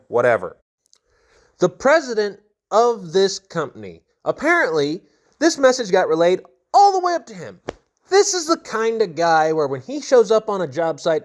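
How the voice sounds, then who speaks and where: Young male storyteller, self-deprecating, casual vlog, expressive high pitch.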